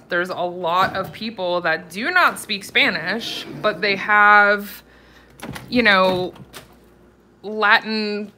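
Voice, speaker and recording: A young woman with a South Florida accent chats casually with her viewers, calling them by name and laughing easily. Her voice is bright and forward. A faint hiss of background noise sits under the recording. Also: on the low side. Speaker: vlogger. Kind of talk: casual live chat reading comments.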